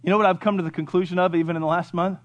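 Brief: man in his 50s, high-pitched pastor, fervent sermon delivery, soft to loud swings. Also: steady tone, racing.

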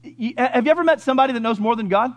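A man in his fifties preaching a fervent sermon as pastor, swinging between soft, low passages and loud, rising appeals. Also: very fast. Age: 50s.

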